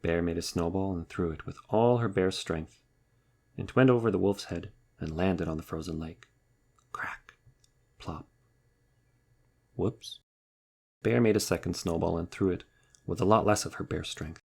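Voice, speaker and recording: A man reading a children's storybook aloud in a wry, lively storytelling manner. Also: low voice, measured pace, creaky, long pauses, slightly rough. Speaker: narrator.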